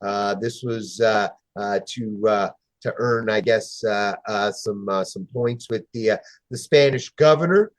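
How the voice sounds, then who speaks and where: A man who runs a history museum, talking as a guest in a casual interview, friendly but often pausing on fillers while he hunts for details. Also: on the low side, no echo. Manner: hesitant, pauses often with fillers.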